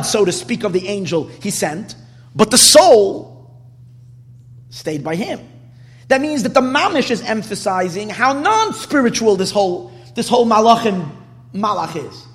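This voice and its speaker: Male Torah teacher, high and very lively voice, long hall echo. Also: measured pace. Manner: animated, questioning, restarts often. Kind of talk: Torah class lecture.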